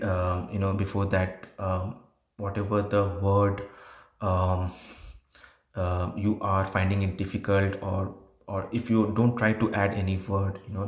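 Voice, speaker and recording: A man giving exam prep tips in a casual tutorial, explaining slowly with many fillers and restarts. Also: fairly low pitch, darkish tone. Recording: echoey room.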